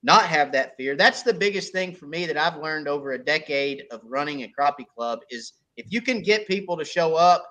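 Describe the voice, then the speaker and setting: A man from the United States chats casually about running a fishing club. His voice sits fairly high and bright. He tells stories with lively quoted dialogue. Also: moderate pace, hardly any pauses. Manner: storytelling, animated when quoting others. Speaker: crappie club organizer. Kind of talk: casual podcast chat.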